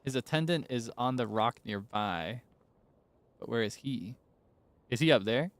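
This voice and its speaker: A man chatting and thinking out loud as he plays a game on a livestream, often giggling. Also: mid-range voice, lively intonation, measured pace. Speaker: streamer. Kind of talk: casual gaming livestream commentary.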